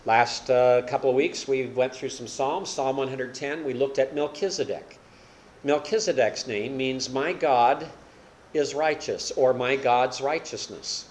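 A man's voice: mid-range voice, unhurried, a little hiss or hum. An older man preaching a sermon as a pastor, explaining with rhetorical questions and folksy self-deprecating humor.

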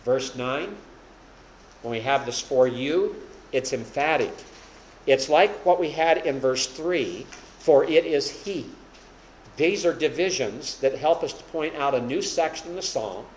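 In a low-quality recording with a roomy sound and slight background noise, a man leads a small-group Bible study. His mid-range voice is expressive and measured as he explains each point simply, getting louder for emphasis on scripture quotes.

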